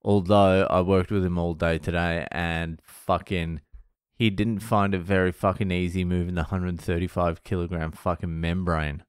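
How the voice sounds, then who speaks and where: A man's voice: deep voice, level tone, moderate pace, clean tone, dry recording, studio quality. A middle-aged Australian man telling a rambling story in a casual monologue vlog, blunt and full of swearing. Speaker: vlogger.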